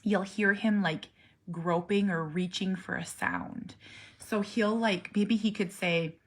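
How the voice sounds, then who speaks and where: A woman in her forties, a parent talking casually to camera, earnest and animated, sometimes dropping to a soft near-whisper. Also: mid-range voice, slow, husky. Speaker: parent vlogger. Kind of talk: casual personal vlog.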